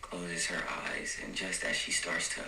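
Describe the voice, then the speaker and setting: A man giving a slow, intimate, dramatic spoken narration as a podcast co-host. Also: sits low, level tone, creaky, noisy background.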